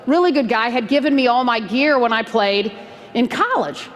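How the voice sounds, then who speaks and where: A woman giving a motivational keynote talk, telling a story in a lively, conversational way and acting out the dialogue. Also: high voice, moderate pace. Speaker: keynote speaker. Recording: long hall reverb, faint noise.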